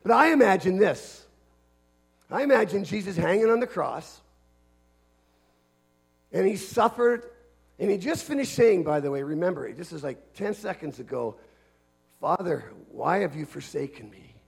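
A man preaching a sermon in an earnest manner, dropping to a hush and then building to shouts. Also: sits high, expressive, normal speed, gravelly, pauses often, slightly rough.

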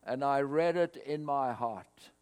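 A man preaching a sermon to his congregation, swelling louder on scripture quotes. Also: mid-range voice, slow, smooth. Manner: expressive preaching, rising loud on scripture quotes. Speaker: pastor. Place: church hall, cold morning. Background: mains hum.

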